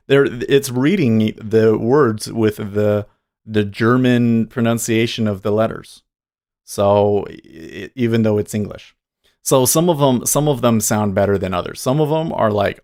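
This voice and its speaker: A man's voice: fairly low pitch, a little mellow. A man chatting casually on a live trading stream, rambling and chuckling often.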